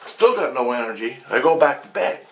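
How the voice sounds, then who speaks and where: A man's voice: mid-range voice, lively intonation, fairly quick, echoey room. A man vlogging a rambling account of a dream, repeating himself, restarting sentences and swearing often. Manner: repetitive with restarts and frequent swearing.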